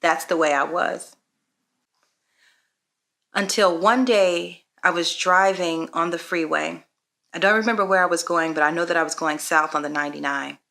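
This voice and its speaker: Earnest bright-voiced woman sharing a story. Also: fairly low pitch, steady tone, moderate pace, gravelly. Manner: earnest, reflective, many "um"s. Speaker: parenting vlogger. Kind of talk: personal testimony vlog.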